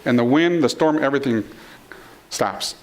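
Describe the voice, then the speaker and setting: A man's voice: mid-range voice, animated, normal speed, a little hiss or hum. A middle-aged man preaching a sermon in a playful, conversational way, acting out the people in his stories. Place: congregation hall.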